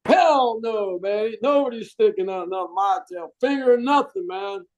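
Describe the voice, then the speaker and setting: A man from the United States, a Marine veteran, telling his story in a casual interview, animated, loose, dropping "man" into his sentences and restarting often. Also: high voice, normal speed, rough recording.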